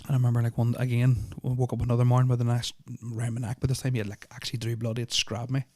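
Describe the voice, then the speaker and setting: Fast-talking man, rambling. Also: mid-range voice, flat delivery, warm tone, no room sound, clean studio sound. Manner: rambling, full of "like" fillers, restarts and swearing; nervous, uneasy retelling. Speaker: podcast host. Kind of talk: casual storytelling of personal experiences.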